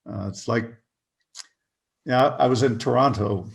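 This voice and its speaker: Older male guest, remote interview, warm storyteller energy, chuckles often, mid pitch. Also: unhurried, vocal fry. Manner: animated, chuckling anecdotes.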